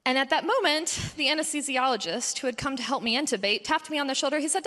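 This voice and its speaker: Bright-voiced woman telling her story in a hall. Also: sits high, quick pace, hardly any pauses. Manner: earnest storytelling, voice rising with emotion. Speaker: pediatrician speaking at a mission conference. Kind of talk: personal testimony talk. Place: large conference hall. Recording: long hall reverb.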